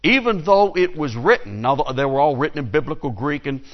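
A male pastor preaching a sermon with lively storytelling, calling on the congregation to answer. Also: fairly high pitch, fairly quick, dull audio.

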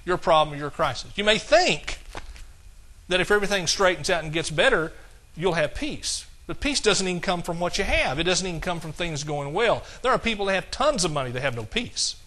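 A man preaching a sermon in a folksy way, slowing down to quote scripture in a measured cadence and chuckling at his own jokes. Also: sits high, lively intonation, sharp tone.

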